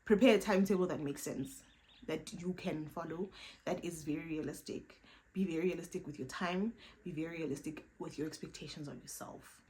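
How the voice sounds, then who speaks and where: A woman's voice: sits low, fairly quick, a little mellow, low-quality recording. A young woman giving casual, emphatic career and study advice in a vlog, repeating her points with playful asides. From South Africa. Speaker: vlogger.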